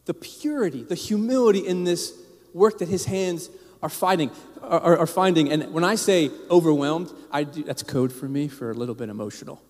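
Animated male pastor in a reverberant hall. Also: on the high side, moderate pace. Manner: casual, animated, many restarts and asides to the congregation. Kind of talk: storytelling sermon. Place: church sanctuary.

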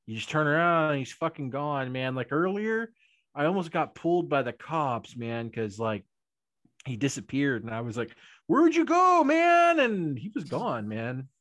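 A man's voice: mid-range voice, expressive, moderate pace, a bit bright, no room sound, studio quality, natural voice. A man playing a laid-back, dazed stoner in a tabletop role-play, drawling and tacking "man" onto everything he says.

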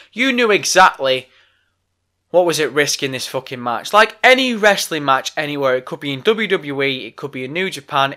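A man's voice: mid-range voice, pushed and bright. A man hosting a solo wrestling podcast, ranting bluntly and swearing a lot. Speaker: podcast host.

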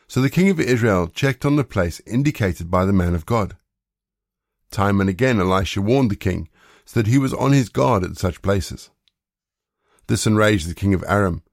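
A man with a fairly low voice reads a scripture story aloud at a steady, even pace. The recording is dry and close, with no echo. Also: normal speed. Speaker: scripture reader. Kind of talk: scripted narration of a Bible story.

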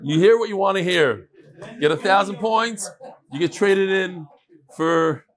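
Rabbi guy teaching talmud, jokey and animated, ribs the crowd, voice a bit on the high side. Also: a little slow. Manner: animated, teasing, addresses the audience directly. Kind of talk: Talmud lesson with joking banter.

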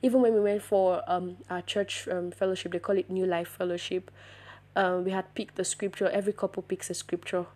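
A woman vlogger telling her own story in a casual, animated way, speaking straight to her viewers with sudden louder, higher bursts of emphasis. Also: fairly quick. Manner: addresses viewers directly.

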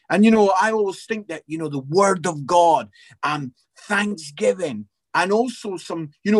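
A lively Scottish man in his forties with a notably high voice, chatting as a guest on a faith podcast. He tells stories with energy and keeps the talk moving. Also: normal speed. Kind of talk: casual interview chat.

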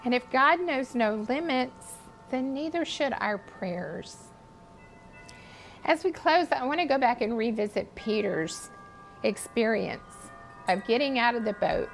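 Woman, high-ish voice with some fry, earnest devotional teacher, soft music behind. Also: rough recording. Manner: earnest, expressive storytelling with dramatic pauses. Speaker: speaker teaching a Bible study. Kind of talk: devotional teaching, reading scripture.

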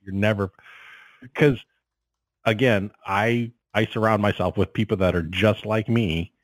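A young man with a fairly low voice trades blunt, profane jokes as a co-host on a comedy podcast. His voice is close and dry. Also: steady tone, measured pace, dry recording, low-quality recording. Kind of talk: casual comedic chat.

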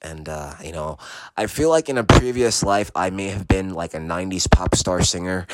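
A man's voice: deep voice, moderate pace, dry recording. A man hosting a podcast in a rambling late-night monologue, giggly, profane and scattered, often breaking off mid-thought. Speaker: podcast host.

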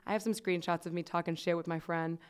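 Woman podcast host, smooth clear voice, casual storytelling, chatty and profane. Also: on the low side, fairly even intonation, quick pace. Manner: chatty, swears freely, many "like" fillers.

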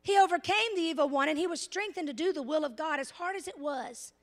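A woman preacher delivering an animated sermon, asking the congregation rhetorical questions and slowing down to stress key words, with casual asides. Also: high-pitched.

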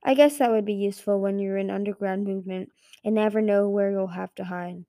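A woman's voice: mid-range voice, steady tone, brisk, warm tone, lightly acted. A woman voicing a nervous, talkative young female dragon who stumbles over her words. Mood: flustered. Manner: flustered, stumbling, eager. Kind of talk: audiobook character voice.

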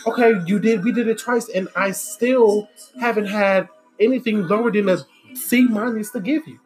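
A woman's voice: mid-range voice, normal speed, darkish tone. A woman talking bluntly and profanely in an exasperated, candid monologue. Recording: music playing behind the voice. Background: music.

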